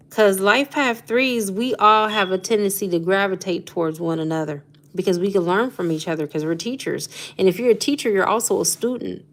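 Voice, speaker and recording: A woman's voice: on the high side, a bit bright. A woman in her thirties or forties hosting a casual live stream, chatting with viewers about zodiac signs, laughing often and calling them "honey" and "y'all". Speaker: live stream host doing astrology readings.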